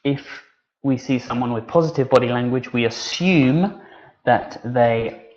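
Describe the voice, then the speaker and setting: A man giving an online teacher-training webinar in a relaxed, conversational way, with frequent fillers and restarts. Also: medium pitch, unhurried, muffled recording.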